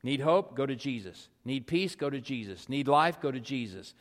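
A man's voice: mid-range voice, expressive. Conversational male preacher in a reverberant hall. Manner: conversational preaching with repeated calls and asides; drops to a soft, slow, hushed delivery. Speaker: pastor. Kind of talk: sermon.

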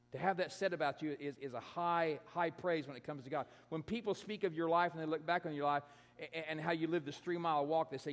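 A man preaching a sermon in a conversational way, often restarting words and dropping his voice low to make a point. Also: a little fast, big-room sound. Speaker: pastor.

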